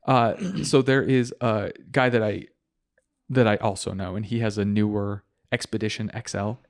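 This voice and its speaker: A man's voice: fairly low pitch, steady tone, normal speed. A man hosting a casual car podcast, joking and slipping into mock voices. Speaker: podcast host. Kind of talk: casual chat.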